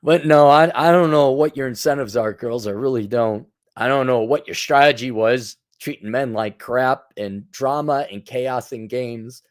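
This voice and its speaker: A man's voice: medium pitch, moderate pace, few pauses. A man hosting a solo commentary monologue, lecturing in a sarcastic, mocking way. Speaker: commentary channel host.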